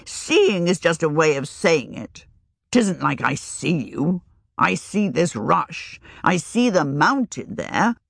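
A woman voicing a shrewd, earthy old village witch who talks in a rustic, old-fashioned country way, her pitch raised and wavering. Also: big pitch swings, slow, creaky, husky, dry recording, clean studio sound, exaggerated voice. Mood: musing. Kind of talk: audiobook reading.

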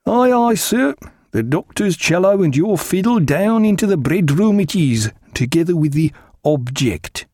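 A man doing a brisk ship's steward. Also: high voice, lively intonation, darkish tone, no room sound, clean studio sound, pitched above the performer's own voice, heavily acted. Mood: dutiful. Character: brisk male ship's steward, dutiful servant.

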